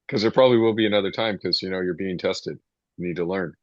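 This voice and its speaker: Low, husky-voiced man teaching Bible study. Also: steady tone, moderate pace, long pauses, dry recording. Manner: conversational and rambling, with restarts and reading scripture aloud. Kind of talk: casual Bible study teaching to a small group. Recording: muffled, dull lo-fi sound.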